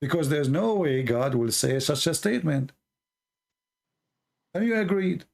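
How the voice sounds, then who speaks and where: A man's voice: fairly high pitch, lively intonation, unhurried, gravelly, a little mellow. A man hosting a heated debate, pressing and mocking his opponent with sarcasm. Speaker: debate show host.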